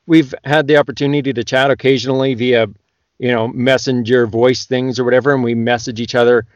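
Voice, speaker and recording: A man's voice: medium pitch, little pitch movement, fairly quick, no echo, lo-fi sound. Chatty Canadian-raised man, dry sound. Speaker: podcast guest, audiobook narrator. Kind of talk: casual podcast chat.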